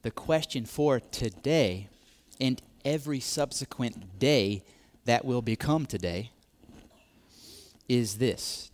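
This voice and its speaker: A man's voice: mid-range voice, expressive, takes it slowly. A man preaching a sermon, repeating key phrases, swelling to emphatic peaks and dropping to near whispers. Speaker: pastor.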